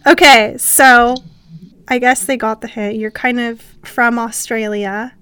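A woman's voice: a little high, fairly even intonation, unhurried, sharp tone, clear, resonant tone, no echo. A young woman hosting a casual podcast, chatty and bubbly, laughing often as she talks. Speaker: podcast host.

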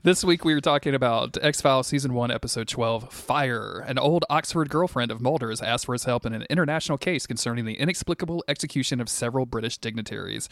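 A man's voice: mid-range voice, fast talker, few pauses, a bit bright, no room sound, clean studio sound. A man co-hosting a podcast, recapping a TV episode in casual chat, joking, swearing and often restarting his sentences. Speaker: podcast co-host.

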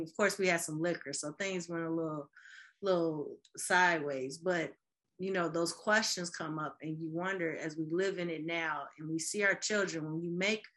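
A woman in casual podcast chat, animated, laughing often and acting out quoted voices. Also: on the low side, normal speed. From Midwest.

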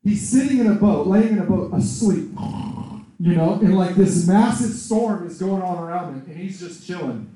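A man preaching a sermon in a conversational, animated way, acting out quoted voices. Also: sits high, moderate pace. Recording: echoey room, far from the mic.

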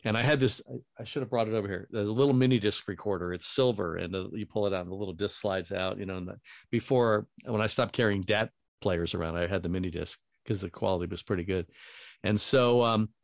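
A man's voice: on the low side, fast talker, creaky, dry recording, clean studio sound. A middle-aged man, a radio host, telling rambling anecdotes full of quoted dialogue in a casual way. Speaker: radio host and voiceover talent. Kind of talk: casual storytelling.

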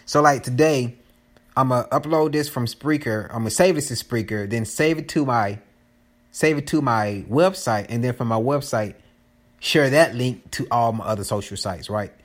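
A man's voice: mid-range voice, normal speed. Loose, rambling male podcast host. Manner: loose, rambling, jokey, restarts often. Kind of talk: casual chat.

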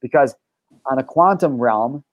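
A man's voice: mid-range voice, lively intonation, measured pace, dry recording, lo-fi sound. A man hosting a talk show and coaching listeners in an intense, profane, preachy monologue. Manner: intense, swears freely, preachy. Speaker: podcast host and life coach.

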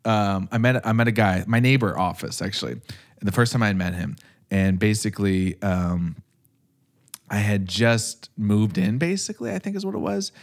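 Laid-back rambling man, low voice. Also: moderate pace. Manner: rambling, laughs often, many fillers. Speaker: podcast co-host. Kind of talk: casual chat.

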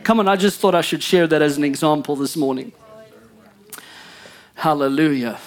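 At a normal speed, a female pastor gives a lively sermon that shifts between forceful emphasis and soft murmured asides. She frequently urges the congregation with "come on" and "amen."

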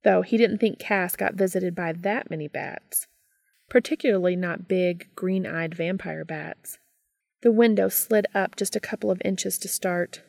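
A woman reading a romance story aloud in calm, steady scripted narration. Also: fairly low pitch, a little slow, gravelly, dry recording. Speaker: fan fiction reader.

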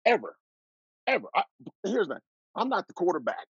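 A man in his fifties from Oregon, a former pro football player, telling stories as a guest in an animated way, laughing as he goes. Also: sits high, a little fast, husky, dry recording, muffled recording. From Oregon, USA. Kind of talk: animated storytelling.

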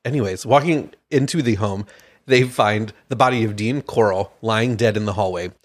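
A man with a slightly low voice tells a crime story to his co-host, half reading from notes. He trips over a name now and then and keeps it chatty. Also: normal speed. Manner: reads case notes with stumbles over names. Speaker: podcast co-host. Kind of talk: casual chat and read-out case story.

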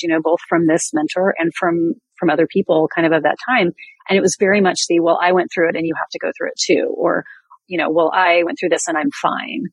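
A woman's voice: fairly low pitch, slightly rough, dry recording. A woman in her fifties from the American Midwest, a veterinarian speaking frankly and laughing easily as a podcast guest. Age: 50s. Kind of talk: casual podcast interview.

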